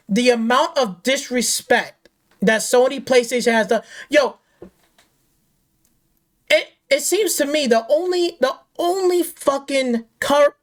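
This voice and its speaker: Heated, profane woman ranting. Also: on the high side. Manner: heated, profane, repeats phrases and asks rhetorical questions. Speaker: gaming channel host. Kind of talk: angry off-the-cuff rant.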